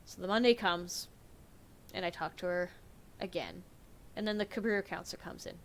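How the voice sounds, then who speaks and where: A woman's voice: lowish voice, moderate pace, a little hiss or hum. A young adult woman telling a personal story in a casual vlog, speaking candidly and emotionally with frequent fillers and self-corrections. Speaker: vlogger.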